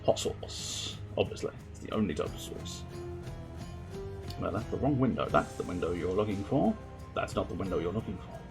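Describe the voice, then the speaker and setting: Gravelly low-voiced man streaming games. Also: sing-song, moderate pace, pauses often, music in the background. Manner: playful, rambling, sings and jokes to himself. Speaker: game streamer. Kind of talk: casual gameplay commentary.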